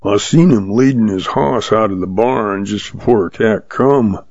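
A man's voice: on the low side, a little slow, a little mellow, no echo. A man reading the part of a surly, quarrelsome cowboy with a sneering drawl, in a dry, slightly muffled recording.

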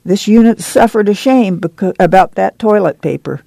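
A woman's voice: medium pitch, animated, moderate pace, creaky, dark tone, no room sound, pitched above the performer's own voice. A reader voicing a stern, commanding woman who leads a camp committee, in a folksy rural dialect.

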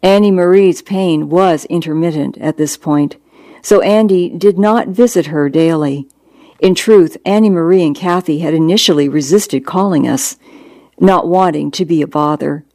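A hospice doctor reading a memoir aloud in a calm, measured, reassuring way. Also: medium pitch, dry recording, studio quality. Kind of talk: audiobook memoir narration.

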